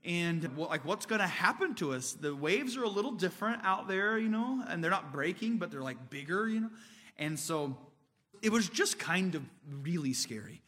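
A man's voice: high-pitched, expressive, normal speed, a bit bright, long reverb tail. A man from Indiana preaching a sermon as pastor, telling stories in a casual, conversational way. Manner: conversational, storytelling.

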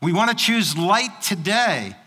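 A man's voice: high-pitched, very animated, a little slow, sharp tone, long reverb tail. A man preaching a sermon to a congregation, mixing scripture with a storytelling anecdote and acting out the voices in it. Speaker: pastor.

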